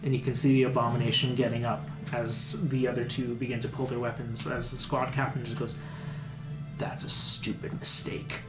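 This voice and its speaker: A man's voice: mid-range voice, little pitch movement, fairly quick, few pauses. A man narrating a tabletop game as dungeon master, descriptive, with fillers. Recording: echoey room with background music.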